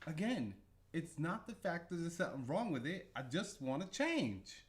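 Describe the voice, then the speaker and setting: A man co-hosting a casual podcast with his wife, playful and teasing, getting excitable. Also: on the high side, moderate pace. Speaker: podcast co-host. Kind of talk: casual couple's podcast chat.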